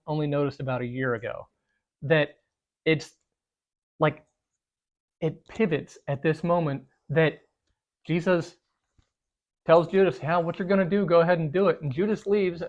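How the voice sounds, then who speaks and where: A Bible study co-host talking through scripture in a casual discussion, thoughtful and halting as they search for words. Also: medium pitch, a little mellow, muffled recording.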